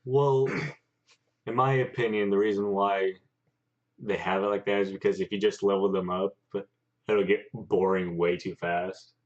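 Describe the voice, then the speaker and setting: A man co-hosting a casual chat, speaking haltingly with many pauses. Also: sits low, fairly even intonation, a little mellow. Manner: halting, many fillers and restarts. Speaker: co-host. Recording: dull lo-fi sound.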